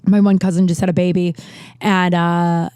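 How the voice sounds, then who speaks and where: A woman's voice: on the low side, flat delivery, moderate pace, warm tone, smooth, no echo, clean studio sound. A woman hosting a podcast, telling personal stories in a rambling, candid way and swearing freely. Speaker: podcast host. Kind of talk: casual storytelling monologue.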